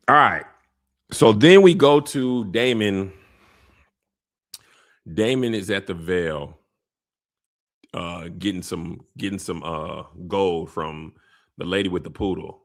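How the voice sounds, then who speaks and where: A man hosting a comedic recap of a TV episode, telling the story in animated slang and putting on playful voices for the characters. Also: low-pitched, takes it slowly, pauses often. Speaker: show recap host.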